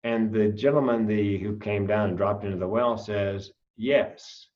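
A man's voice: lowish voice, moderate pace. Man telling stories, muffled and distant. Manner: animated storyteller, acts out voices. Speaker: podcast guest, comedian. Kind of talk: casual storytelling interview.

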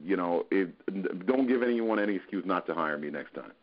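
Low-voiced earnest male actor guest. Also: expressive, normal speed. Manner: earnest, encouraging, thinks aloud. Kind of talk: casual podcast interview. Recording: dull lo-fi podcast audio.

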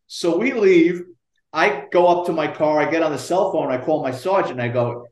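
A retired police detective, telling animated, profane stories in a podcast interview and acting out the quotes. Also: male voice, fairly high pitch, moderate pace, roomy sound. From New York.

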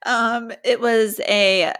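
A woman's voice: a little high, fairly even intonation, extremely slow, fairly bright tone. A young woman co-hosting a podcast, chatting casually and musing about her feelings with frequent fillers. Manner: chatty, reflective, many fillers. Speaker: podcast co-host. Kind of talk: casual chat.

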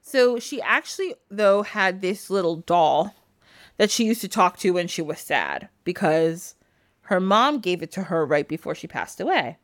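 A woman hosting a podcast, casually retelling a folk tale with a loose, animated delivery full of "like". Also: on the low side, measured pace, no echo, clean studio sound. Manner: animated retelling with frequent laughs and "like". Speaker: podcast host. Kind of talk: casual storytelling chat.

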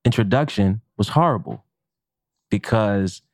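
A man, a chef and podcast co-host, telling a story in a casual, profane and animated way. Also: on the low side, measured pace, no echo, studio quality. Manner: animated, profane, acts out quotes with laughs.

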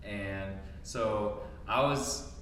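A young man tells a story to his friends on a podcast, swearing freely and laughing along. His voice sits at an average pitch. The room is very echoey and the background noise is easy to hear. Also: drawn-out words. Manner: animated storyteller, swears a lot, laughs often. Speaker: podcast co-host. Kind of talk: casual chat.

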